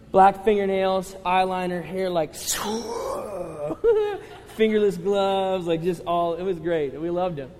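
A man preaching a sermon as pastor, telling a story emotionally, swinging from loud to hushed and tearful at times. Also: fairly high pitch. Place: church sanctuary. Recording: church hall reverb with music.

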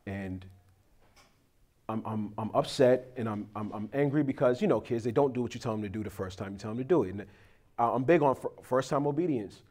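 Guy pastor, talky sermon, tells stories from home, mid pitch. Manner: conversational, confessional, animated storytelling. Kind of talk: sermon with prayer.

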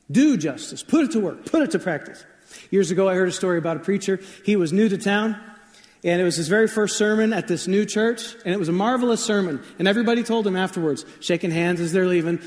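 A man's voice: sits high, fast, a little mellow, in a large hall. A man preaching a sermon as pastor, telling stories in a conversational way with frequent shifts of pace.

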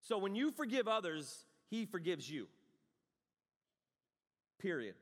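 A man, preaching a sermon in an animated storytelling way, swinging between loud outbursts and quiet asides. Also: high voice, slow pace. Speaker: pastor. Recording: long hall reverb.

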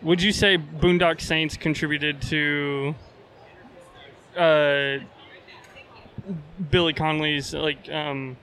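A man's voice: fairly high pitch, level tone, slow, long pauses, fairly bright tone, rough recording. A man hosting a podcast, asking a guest a casual, hesitant question with fillers. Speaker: podcast host interviewer.

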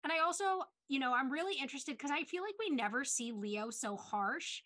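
A young woman co-hosting a podcast, chatting casually and retelling a TV episode in a quick, chatty way full of "like"s. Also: sits high, lively intonation, sharp tone. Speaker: podcast co-host. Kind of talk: casual chat recapping a TV episode.

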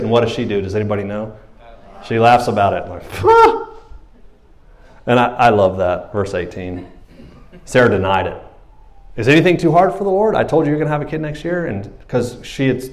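A man preaching a sermon as pastor, animated and conversational, acting out Bible characters in quick voices. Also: lowish voice.

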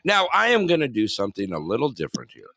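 A man's voice: mid-range voice, huge pitch swings, fast, bright, forceful tone, no room sound. A man hosting a live podcast, introducing guests in casual chat and laughing often. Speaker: host.

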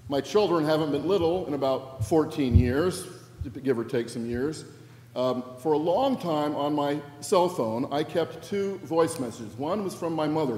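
Warm-voiced middle-aged pastor in echoing church. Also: male voice, on the high side. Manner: reflective, personal storytelling. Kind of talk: sermon. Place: church sanctuary. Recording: echoey church hall with faint ambience.

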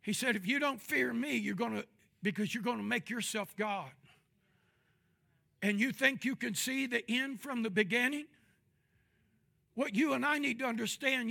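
A pastor delivering a sermon, moving between quiet, measured talk and loud, drawn-out shouts. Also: male voice, very high-pitched, vocal fry. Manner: drawn-out, emphatic phrasing.

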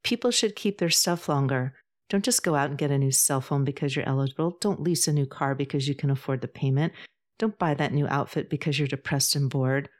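In a spoken storybook, a woman reader voices an earnest, sensitive young woman pleading for the planet, patient yet passionate. The voice sits low and moves fairly quickly.

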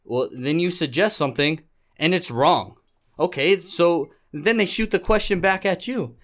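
A man's voice: on the high side, unhurried, fairly bright tone. Blunt, profane man ranting on a podcast. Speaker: podcast co-host. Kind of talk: casual podcast rant.

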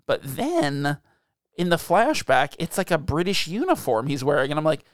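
Lively, slightly high-voiced joking man. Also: normal speed, dry recording, studio quality. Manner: playful, teasing, deadpan jokes. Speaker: podcast co-host. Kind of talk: casual movie review chat.

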